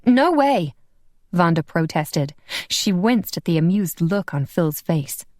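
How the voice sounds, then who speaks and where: A woman narrating a romance audiobook in an expressive, scripted style. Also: on the low side, a little slow, no echo, clean studio sound. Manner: expressive, voices every character.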